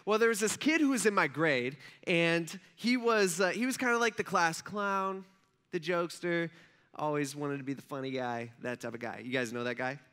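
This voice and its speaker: A young man preaching to a congregation, telling a story in a lively, conversational way and asking the audience questions. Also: fairly high pitch, normal speed, smooth. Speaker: pastor. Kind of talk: storytelling sermon.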